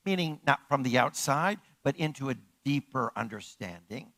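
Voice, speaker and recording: Man, pastor, sermon, higher-pitched voice, rhetorical questions, hushed to loud swings, repetitive emphasis. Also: sing-song, a little fast, creaky, hardly any pauses, no echo. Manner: swings between hushed, intimate lines and loud, emphatic calls.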